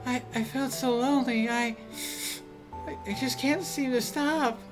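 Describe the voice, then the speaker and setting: A man voicing a lonely, tearful young girl in a visual novel, talking in a soft, wavering and plaintive way. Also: very high-pitched, unhurried, music in the background, pitched above the performer's own voice. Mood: sad.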